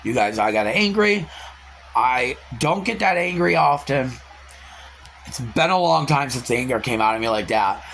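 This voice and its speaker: A man venting in a casual vlog, telling stories with loud quoted outbursts and swearing. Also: medium pitch, moderate pace, creaky, slight background noise. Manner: animated storytelling with loud quoted outbursts and profanity. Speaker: car reseller vlogger.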